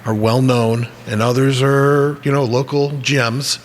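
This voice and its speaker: A man's voice: medium pitch, steady tone, unhurried, slight background noise. A man hosting a podcast in casual chat, rambling and playful, laughing often. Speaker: podcast host.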